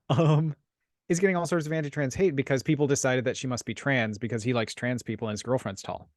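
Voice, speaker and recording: A man's voice: mid-range voice, steady tone, brisk, no echo, clean studio sound. A man co-hosting a podcast, talking in a casual, rambling way with frequent restarts and laughs. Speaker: podcast co-host. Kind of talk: casual chat.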